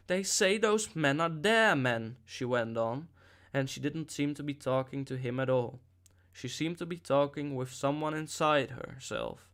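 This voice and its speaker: A man narrating a novel as an audiobook reader, with a steady storytelling delivery and occasional slips. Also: mid-range voice, clean tone.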